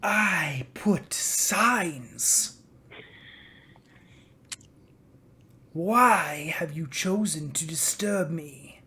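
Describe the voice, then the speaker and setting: A weary male dragon in a tabletop game sighs through every line, as a woman puts him on. The voice sits low and unhurried, sometimes dropping into a breathy whisper. He sounds bored and theatrical. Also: animated, full character voice. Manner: sighing, slow and hushed, drifts into a whisper.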